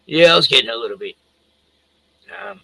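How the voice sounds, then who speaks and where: A man's voice: fairly high pitch, expressive, a little fast, gravelly, pushed and bright, dry recording, low-quality recording. An older man hosting a livestream, rambling casually, laughing often and swearing freely. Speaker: livestream host. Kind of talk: casual chat.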